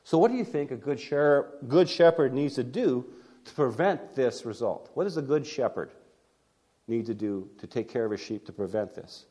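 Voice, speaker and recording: A husky, medium-pitched male pastor preaches at a normal speed with lively intonation. His sermon is conversational, full of repeated key phrases and rhetorical questions, moving from loud emphasis to quiet asides.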